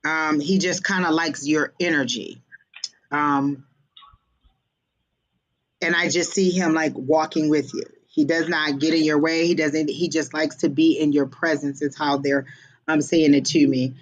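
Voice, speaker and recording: A woman giving a psychic reading on a livestream, chatty and hesitant, with many pauses and ums. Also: low-pitched, steady tone. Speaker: psychic reader. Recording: slightly dull lo-fi stream audio.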